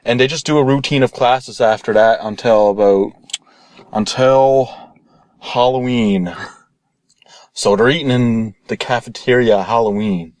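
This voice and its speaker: A young man tells a silly parody story in a rambling, deadpan way. His voice sits at a middle pitch for a man. The recording is dry and close, with no room sound. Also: unhurried, dry recording.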